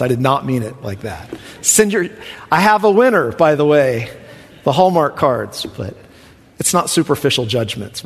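A man preaching a sermon as pastor, swinging from soft, quiet passages to loud emphatic lines. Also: mid-range voice, slightly rough, big-room sound.

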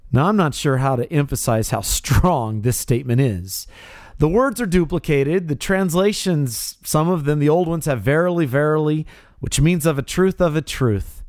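A man preaching a radio sermon with a slightly high voice that swings widely in pitch. He speaks as a pastor, emphatic and pressing each point. The sound is dry and close, with no room around it. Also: darkish tone, dry recording. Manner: emphatic, rising to stressed peaks.

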